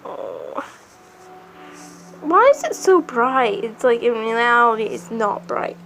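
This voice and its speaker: A woman's voice: fairly high pitch, wildly swooping pitch, slow, creaky, fairly bright tone, a little hiss or hum, rough recording. A young woman vlogging casually at home with her cat, rambling and giggly, swearing now and then. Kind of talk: casual chat to camera.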